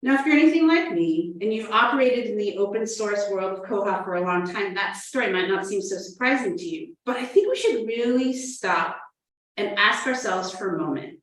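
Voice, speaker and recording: This librarian from New Hampshire tells stories with playful asides during her earnest, prepared conference talk. Her voice sits in the mid range, animated and at normal speed. The mic is far away, leaving the recording roomy and echoey.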